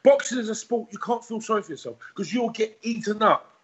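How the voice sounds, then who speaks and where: Husky man, rambling animatedly. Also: sits high, brisk, lo-fi sound. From United Kingdom. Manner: rambling, repetitive, animated storytelling. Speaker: guest. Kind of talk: casual podcast interview.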